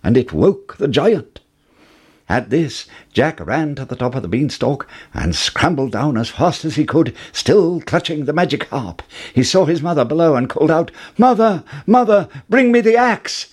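A man narrating a fairy tale in an expressive storybook style. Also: mid-range voice, moderate pace, slightly rough.

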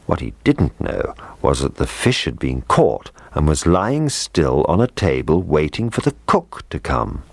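Deep-voiced man reading a bedtime story. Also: no echo.

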